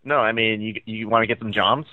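Dry-witted podcast co-host, muffled mic. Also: male voice, fairly low pitch, steady tone, a little fast, no echo. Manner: dry teasing banter. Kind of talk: casual podcast chat.

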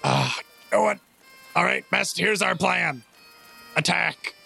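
A man with a gravelly, bright, slightly high voice plays a tabletop game. He jokes and lays out the rules. Faint music sits behind him. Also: takes it slowly. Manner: joking and explaining rules. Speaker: player.

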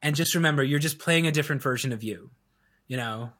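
A man guesting on an interview show, talking in a casual, animated and rambling way with lots of fillers. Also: a little high, fast. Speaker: guest, video coach.

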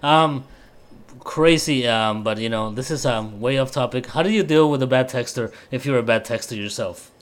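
A man's voice: mid-range voice, normal speed. A man with a Colombian accent, co-hosting a podcast in a casual, profane, rambling and self-mocking way. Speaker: podcast co-host.

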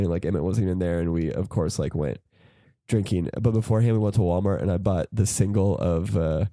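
A man's voice: low voice, fairly quick, mellow, dry recording, clean studio sound. A man in his forties telling a funny story as a podcast guest, rambling with lots of "like" and laughing as he goes. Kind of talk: casual comedic storytelling.

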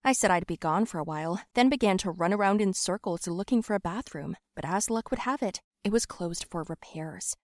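A young woman telling a first-person story in a lively, confessional way. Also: fairly low pitch, fairly quick, few pauses, dry recording, clean studio sound. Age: young adult.

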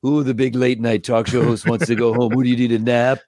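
A man's voice: medium pitch, level tone, a little fast, darkish tone, no echo, clean studio sound, close to an everyday voice. A man voicing a sassy, wisecracking robot skeleton sidekick who needles the host in a mocking tone.

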